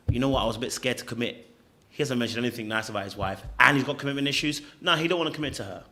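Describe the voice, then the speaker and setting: A man's voice: mid-range voice, expressive, racing, pushed and bright. A man, hosting a podcast and giving emphatic, opinionated commentary full of stammering restarts. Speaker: podcast host reacting to clips.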